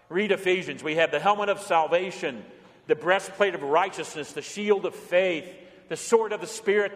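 Pastor, man, middle-aged, high voice, bold-to-hushed storytelling sermon in a reverberant church hall. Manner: storytelling preacher, swings between bold and hushed.

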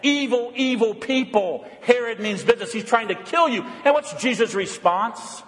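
Earnest high-voiced preacher in a hall. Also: male voice, normal speed, a bit bright. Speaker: pastor. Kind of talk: Lent sermon.

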